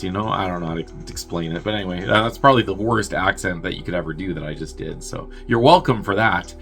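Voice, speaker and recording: Bright-voiced man rambling through a plot recap. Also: sits low, fast talker, few pauses, faint music behind. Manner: rambling, wry, laughs at his own jokes. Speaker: movie review podcast host.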